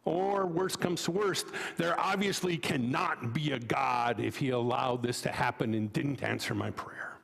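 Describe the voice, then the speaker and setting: A man's voice: mid-range voice, a little slow, gravelly, few pauses, fairly bright tone, long reverb tail. A man preaching a sermon as pastor in a church, talking in a conversational way with fillers and restarts and telling a joke story. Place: church sanctuary.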